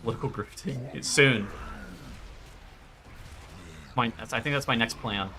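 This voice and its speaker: A man's voice: medium pitch, unhurried, pushed and bright, slight background noise. A man streaming live, chatting casually in a profane, rambling way.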